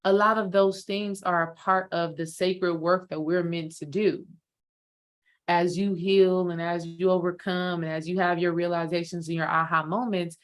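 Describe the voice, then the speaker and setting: A woman healing coach giving a spiritual coaching talk, encouraging and affirming her course members. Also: fairly low pitch. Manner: encouraging, affirming listener with soft "mm" and "yep".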